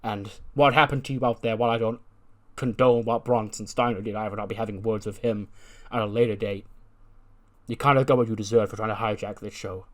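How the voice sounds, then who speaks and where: A man's voice: fairly low pitch, fairly even intonation. Man retelling wrestling promos with fillers. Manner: quick, filler-heavy retelling, slips into character lines. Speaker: let's-play narrator. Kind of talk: casual narration of a wrestling sim with quoted promos.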